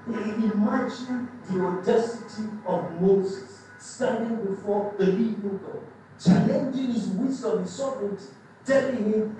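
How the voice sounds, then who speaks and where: Male pastor, high mellow voice, emphatic and repetitive; church hall with heavy echo, mic at a distance. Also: a little slow, slight background noise. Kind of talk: sermon.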